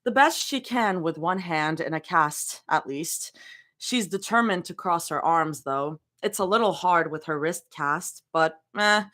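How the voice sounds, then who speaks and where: A woman's voice: fairly low pitch, measured pace, a bit bright. A woman reading fanfiction live and chatting with viewers, giggling often and full of casual fillers. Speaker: live-stream fanfiction reader.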